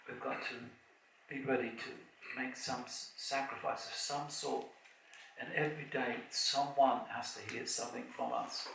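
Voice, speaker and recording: A man delivers a meandering devotional talk at a festival, telling stories and often stopping to restart his sentences. His voice has a gravelly edge. He is heard from a distance in a roomy, noisy space. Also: medium pitch, steady tone, a bit bright. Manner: rambling, anecdotal, halting restarts. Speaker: festival opening speaker. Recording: roomy, distant mic, background noise.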